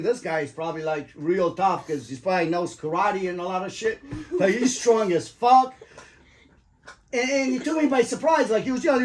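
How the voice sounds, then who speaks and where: A man, a father, telling his children a story in casual chat, animated and swearing often, acting out what people said. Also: high-pitched, a little fast, slight background noise. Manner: animated, swears a lot, acts out quoted voices.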